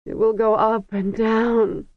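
A narrator putting on a whimpering, frightened young princess. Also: female voice, mid-range voice, level tone, unhurried, dry recording, highs cut off, pitched above the performer's own voice, lightly acted.

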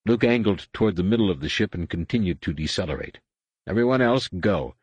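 A man reading a science-fiction novel aloud as a dramatic, animated audiobook narrator. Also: deep voice, quick pace, slightly rough, dry recording. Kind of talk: scripted narration.

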